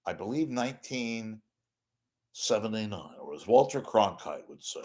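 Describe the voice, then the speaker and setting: A man's voice: on the low side, animated, normal speed, a little mellow. An older man hosting a casual livestream monologue, rambling, losing his thread and cracking bawdy jokes. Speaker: host.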